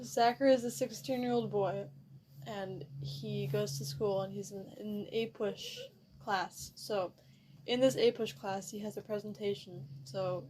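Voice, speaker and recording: A woman's voice: mid-range voice, noisy background. A woman improvising a silly story for a storytelling game, giggling and losing her place as she goes. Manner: giggly, rambling, loses track and restarts. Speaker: storyteller in a narrative telephone game.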